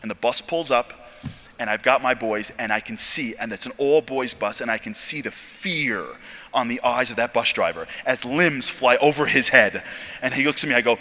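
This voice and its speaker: A man giving a storytelling sermon talk at a convention, animated and jokey, acting out dialogue. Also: medium pitch, normal speed. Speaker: speaker at a convention. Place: large convention hall. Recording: long hall reverb.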